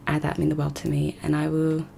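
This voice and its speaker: A woman's voice: deep voice, monotone, a little fast, gravelly, warm tone, a little hiss or hum. A young woman from South West London with a South London English accent, giving emphatic, incredulous commentary straight to her viewers. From South West London, England. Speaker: vlogger. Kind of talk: casual commentary to camera.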